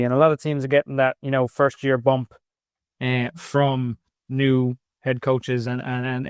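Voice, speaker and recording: Man, podcast co-host, flat smooth voice, halting, dry sound. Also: medium pitch, no room sound. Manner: halting, many fillers and restarts. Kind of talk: casual sports analysis.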